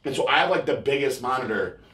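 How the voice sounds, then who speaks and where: Male podcast host, crude and rambling, mid pitch, roomy echo. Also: animated, fast talker, a bit bright. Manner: crude, rambling, acts out quotes in high voices. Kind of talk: casual storytelling chat. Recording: echoey room.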